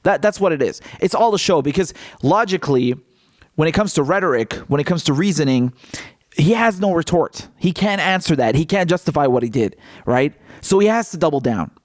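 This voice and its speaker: A man gives political commentary in a raised, lively voice that leaps up and down in pitch. He mocks and laughs his way through his points. The sound is dry and close. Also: brisk, dry recording. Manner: mocking, animated, laughs often. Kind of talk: casual commentary vlog.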